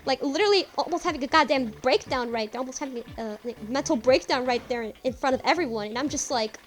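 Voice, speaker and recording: A woman's voice: sits high, fast. A young woman chatting casually while streaming a game, rambling, repeating herself and swearing often. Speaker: gaming streamer. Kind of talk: casual let's-play chat.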